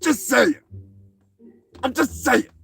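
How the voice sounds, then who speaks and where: A man with a high, gravelly voice tears into people in a crude, profane comedy rant. He talks in a loose, mocking way and breaks into shouting when he gets worked up. Soft music runs faintly behind him. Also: slow. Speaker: podcast host.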